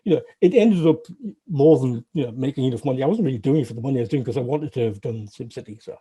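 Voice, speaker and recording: A man's voice: mid-range voice, fast, dark tone, breathy edge. A middle-aged man with a Northern English accent, chatting in an interview with wry, self-deprecating humour and many restarts. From Northern England. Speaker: guest, former games programmer. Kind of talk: casual interview recollection.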